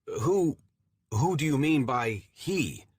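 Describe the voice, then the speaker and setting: A man's voice: medium pitch, lively intonation, slow pace, slightly rough, no room sound, clean studio sound, pitched above the performer's own voice. A man voicing a frightened, desperate young male soldier in an audiobook. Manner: panicked, pleading questions.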